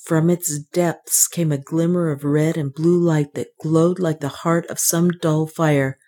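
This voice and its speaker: A woman narrating an adventure novel as an audiobook in a measured storytelling manner. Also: low-pitched, fairly even intonation, warm tone. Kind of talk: scripted narration.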